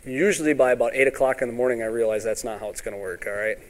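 A man preaching a sermon in a folksy way, often asking "all right?" and acting out Bible scenes in quick voices. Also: mid-range voice. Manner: ends points with "all right?".

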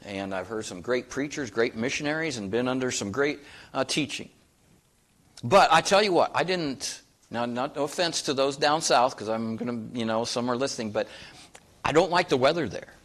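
A middle-aged man from North Dakota preaching a sermon, folksy and conversational, with an everyday mid-range voice. He swings from quiet asides up to loud, emphatic questions for the congregation. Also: mid-range voice, normal speed. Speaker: pastor.

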